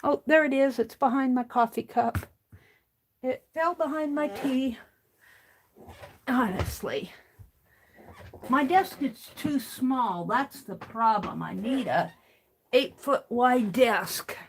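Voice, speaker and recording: A woman's voice: high-pitched, slow pace, long pauses, slight background noise. A woman hosting a craft livestream, chatting casually and rambling to herself as she works. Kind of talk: casual chat while crafting.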